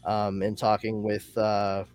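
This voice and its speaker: A male podcast host chatting casually, summarizing a comic in a rambling, animated way with lots of fillers. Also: on the low side, takes it slowly, slight background noise. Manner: rambling and animated, with many fillers and excited asides.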